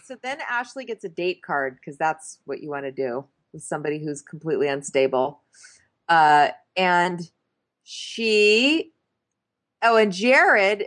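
A woman's voice: on the low side, a little slow. Chatty woman cohost, voice swings up and down a lot. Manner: expressive, chatty, acts out quotes in a raised voice. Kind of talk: casual chat.

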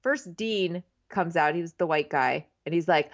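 A woman's voice: lowish voice, normal speed. A woman co-hosting a casual comedic TV recap, telling the story in a chatty, incredulous way. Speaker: podcast co-host. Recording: dull lo-fi sound.

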